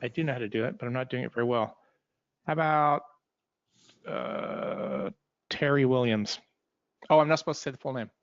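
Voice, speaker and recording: Smooth-voiced, hesitant webinar helper. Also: male voice, mid-range voice, normal speed, pauses often. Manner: hesitant, fumbling, self-deprecating. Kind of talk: casual live webinar chat. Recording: dull lo-fi webinar audio.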